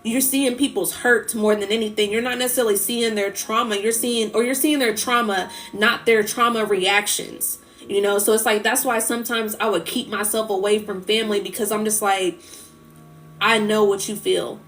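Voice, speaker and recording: A woman's voice: mid-range voice, steady tone, normal speed, a bit bright, slight background noise. A woman hosting a spiritual livestream, speaking in a heartfelt, rambling way full of fillers, getting tearful as she talks about healing. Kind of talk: emotional casual livestream talk.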